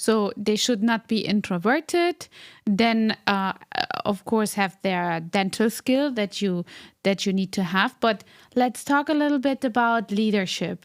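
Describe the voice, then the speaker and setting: A woman's voice: mid-range voice, lively intonation, normal speed, clean tone, dry recording, clean studio sound. A woman interviewing a guest, asking questions conversationally and giving frequent affirming murmurs.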